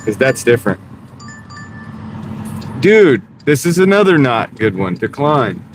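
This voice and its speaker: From a moving car, a mid-pitched male delivery driver livestreams easygoing chatter at a measured pace. He stays laid-back, addresses chat members by name, and mutters over incoming order offers, with a clear, steady hum of engine and road behind him.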